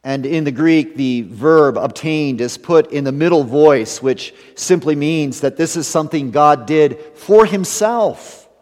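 A man preaching an evening sermon in a measured way, rising to emphatic stresses and dropping to hushed low endings. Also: long reverb tail. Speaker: pastor.

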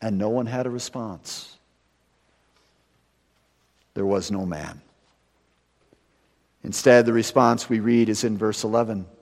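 A man preaching a sermon in dramatic style, slowing down for weight and rising to loud peaks. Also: on the low side, steady tone, creaky. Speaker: pastor. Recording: long hall reverb.

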